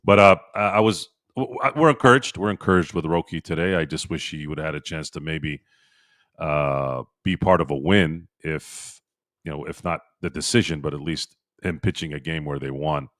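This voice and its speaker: Host type: low-pitched man, casual streamer, chatty and repetitive, dry close sound. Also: normal speed, fairly bright tone, no room sound. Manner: rambling, repeats himself, talks to chat by name. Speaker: sports podcast host. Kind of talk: casual live-stream chat reading viewer comments. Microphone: streaming microphone.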